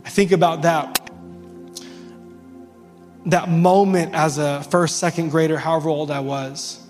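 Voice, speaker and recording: A man's voice: on the high side, steady tone, measured pace, darkish tone, in a large hall, faint music behind. A pastor in his thirties preaching a sermon in an earnest, emphatic way, often restarting his sentences.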